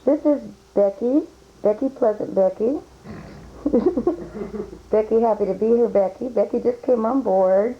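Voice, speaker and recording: A woman's voice: a little high, unhurried, pauses often, slight background noise. A middle-aged mother who chats and laughs often as she introduces her coworkers to her children on video. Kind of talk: home video message. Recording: dull home camcorder sound.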